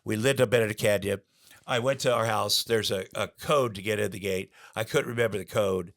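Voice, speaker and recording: A man's voice: fairly low pitch, steady tone, fairly quick, a bit bright. Rambling middle-aged man telling stories. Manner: rambling, many fillers and restarts, acts out quotes. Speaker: guest. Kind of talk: candid storytelling interview.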